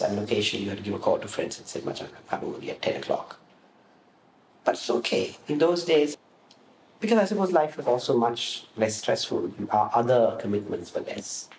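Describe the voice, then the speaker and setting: A man answering interview questions, telling lively stories about his past and acting out the voices of the people in them. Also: mid-range voice, moderate pace. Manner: animated storyteller, acts out quoted voices. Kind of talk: reminiscing in an interview. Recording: roomy echo with faint room noise.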